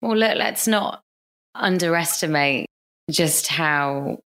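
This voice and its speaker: A woman hosting a podcast, interviewing with a gentle, affirming, soothing manner. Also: low voice, takes it slowly. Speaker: podcast host.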